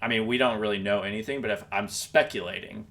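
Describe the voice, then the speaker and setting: A man co-hosting a live-stream podcast, chatting casually and reading viewer comments, relaxed and quick to laugh. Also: on the low side. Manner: relaxed, laughs often, trailing restarts.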